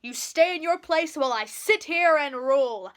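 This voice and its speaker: A woman's voice: very high voice, takes it slowly, bright, forceful tone, heavily acted. A woman voicing a pompous, boastful male turtle king who bellows his commands. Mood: commanding.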